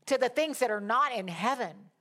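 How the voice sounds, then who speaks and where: A woman preaching a sermon, rising to loud, impassioned declarations and dropping to soft, chatty asides. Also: fairly high pitch, animated, normal speed.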